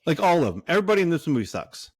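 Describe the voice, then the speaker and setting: A man's voice: on the high side, big pitch swings, very fast, husky, no echo, clean studio sound. A man co-hosting a movie podcast in casual chat, rambling and cursing, full of fillers and restarts. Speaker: podcast co-host.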